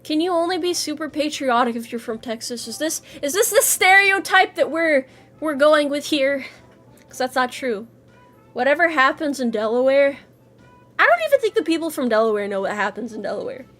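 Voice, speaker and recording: A woman's voice: sits high, lively intonation, moderate pace, fairly bright tone, soft background music. A woman streamer chatting casually with her viewers, playful, laughing often and swearing freely. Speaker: VTuber streamer.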